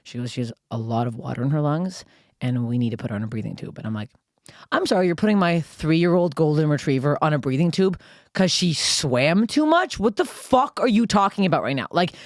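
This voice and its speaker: A young adult woman from Canada telling a story on a podcast in a fast, profane, animated way. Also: low voice, dry recording, studio quality. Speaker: podcast co-host. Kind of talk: casual storytelling chat.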